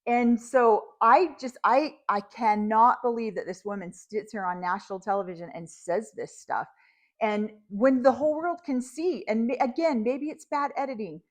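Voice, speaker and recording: A woman co-hosting a podcast, reacting to a reality show with animated, indignant, exasperated commentary. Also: fairly high pitch, normal speed. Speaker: podcast co-host.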